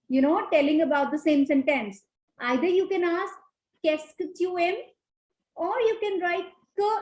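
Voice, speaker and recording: A woman walks students through French grammar, patient and repetitive. Her voice sits high, and she keeps checking in with "okay" between points. The sound is roomy and echoey. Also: a little mellow. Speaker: French teacher. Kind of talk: online grammar lesson.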